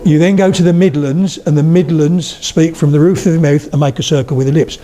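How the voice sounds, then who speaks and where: An older man gives a humorous public talk on regional accents in a hall with a live audience, and background noise is audible. His voice is a little high and a little fast, with fairly even intonation. He tells anecdotes, demonstrates accents and mouth shapes, and adds chatty asides.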